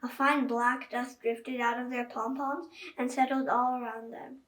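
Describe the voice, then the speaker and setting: A woman's voice: a little high, little pitch movement, a little slow, a bit bright. A woman reading a children's book aloud, chatting directly to young listeners. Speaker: children's story reader. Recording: echoey room, voice far from mic.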